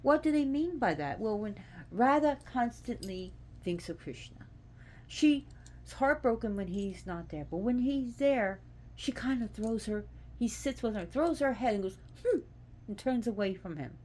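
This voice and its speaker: A woman hosting a casual devotional talk, speaking in an earnest, animated, conversational way. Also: on the high side, normal speed. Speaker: host.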